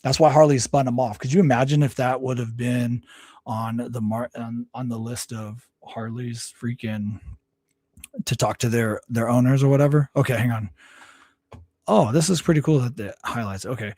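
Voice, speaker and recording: A man's voice: mid-range voice, moderate pace, darkish tone, no echo, clean studio sound. A man hosting a casual livestream, reading articles aloud and stopping often to reread and correct himself. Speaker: livestream host.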